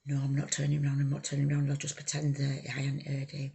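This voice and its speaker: A woman telling her own life story, halting, raw and emotional, swearing freely. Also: extremely low pitch, steady tone, creaky, breathy edge. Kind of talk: personal life story told to camera.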